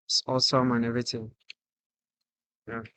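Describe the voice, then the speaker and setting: A man's voice: mid-range voice, flat delivery, normal speed, bright, forceful tone, dry recording. A Nigerian man talking as the guest musician on a casual podcast, earnest and saying "you get" again and again.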